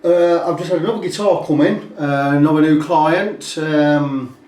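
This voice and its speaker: A man's voice: fairly high pitch, normal speed, darkish tone. A man, a guitar repair technician, talking through a job in a casual, rambling way in his workshop. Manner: rambling, chatty, fills gaps with "blah blah". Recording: roomy, distant workshop sound.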